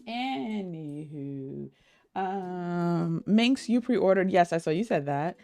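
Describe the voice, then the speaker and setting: A woman with a deep, gravelly voice talks casually to her stream chat as she plays. She greets viewers by name and laughs often. Soft music plays quietly behind her. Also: lively intonation, slow. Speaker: game streamer.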